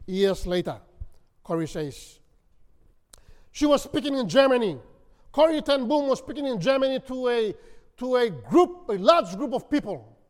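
Male preacher with a lively high voice. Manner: dramatic storytelling with swings from loud to hushed. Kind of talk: sermon. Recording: long reverb of a hall.

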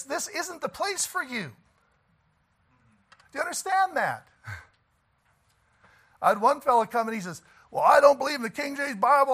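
Man, pastor, high animated voice, folksy emphatic preaching. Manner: emphatic, folksy preaching with frequent laughs and "Amen?". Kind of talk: sermon.

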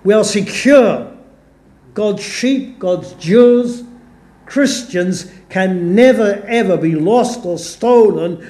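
A man preaching in a church, his delivery slow and deliberate. His voice is mellow and dark, and it rings out into a roomy, echoing sanctuary. He leans on each quoted verse with earnest emphasis. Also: sits high, expressive. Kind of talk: sermon. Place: church or chapel. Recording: echoey church room.

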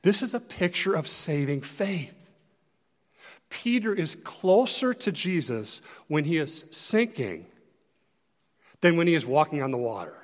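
A man preaching a sermon as pastor, earnest and conversational, rising and dropping in loudness to press his points. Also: a little high, animated, measured pace, big-room sound.

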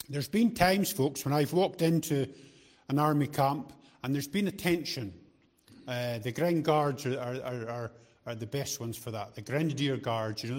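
A middle-aged man gives a sermon at an ordinary pitch. He talks to the congregation in a chatty way, tossing in jokes and asides. He often restarts sentences and repeats words as he goes. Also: moderate pace. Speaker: lay preacher.

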